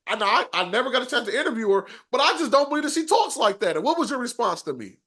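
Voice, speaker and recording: A man's voice: very high voice, very animated, rapid-fire, bright, forceful tone. A man hosting a podcast interview, prodding his guest with conversational, leading questions. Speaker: podcast host.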